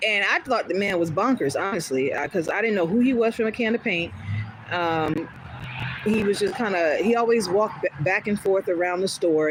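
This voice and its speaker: A woman hosts a casual livestream, speaking bluntly and candidly, with occasional swearing and laughter. Her voice is mid-range, and the rough recording carries a little hiss or hum.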